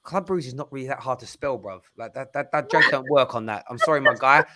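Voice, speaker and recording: Bright, jokey Cockney man. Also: medium pitch, fast. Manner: jokey, bantering, self-deprecating. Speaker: host. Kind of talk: casual football talk show chat.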